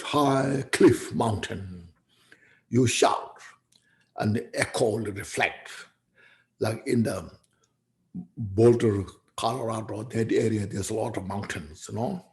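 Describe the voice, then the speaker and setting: A man giving a Dharma talk as a Buddhist teacher, reflective and unhurried, often tagging his points with "you see" and "you know.". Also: lowish voice, darkish tone.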